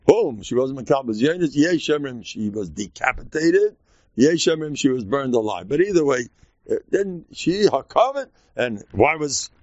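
A man teaching a Torah class in a lively way, acting out quoted voices and laughing often. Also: medium pitch, no room sound, muffled recording.

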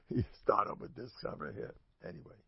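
A man with a rough, gravelly voice leads a Torah lecture as a rabbi, telling stories and leaping into high, squeaky asides before dropping to low mutters. The recording is dry and close, with a dull, lo-fi tone. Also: very animated, normal speed, no echo. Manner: jokey, acts out quotes with sudden high squeaks and mutters. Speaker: rabbi giving a Torah class. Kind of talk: animated Torah lecture with storytelling.

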